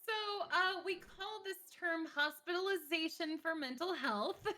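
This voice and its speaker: A woman therapist joins a livestream as a guest and speaks openly about mental health, often joking and laughing. Her voice is very high, bright, and forceful, delivered without hurry, with soft music in the background.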